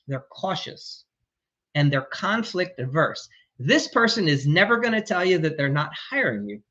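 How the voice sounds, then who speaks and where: A man's voice: high voice, sharp tone, slightly rough, muffled recording. A man coaching remodelers on sales in an emphatic, blunt way, swearing casually as he talks. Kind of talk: energetic coaching talk.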